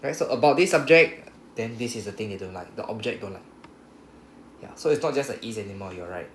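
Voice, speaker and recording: A man's voice: on the low side, lively intonation, brisk, a bit bright. Man teaching in a roomy classroom. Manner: patient, repetitive, checks understanding with "right?". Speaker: Japanese language teacher. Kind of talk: classroom grammar explanation. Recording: roomy classroom echo, faint hum.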